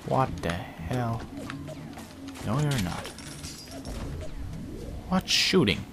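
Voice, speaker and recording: A man's voice: medium pitch, sing-song, extremely slow, long pauses, a bit bright, faint music behind. A man giving casual let's-play commentary, jumpy and self-mocking, pleading with and talking to the game's characters. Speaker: gameplay commentator.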